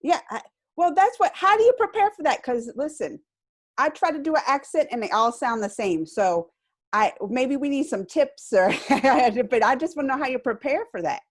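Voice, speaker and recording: A woman's voice: sits high, animated, moderate pace. A woman interviewing a guest in a bubbly, giggly way. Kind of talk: press junket interview.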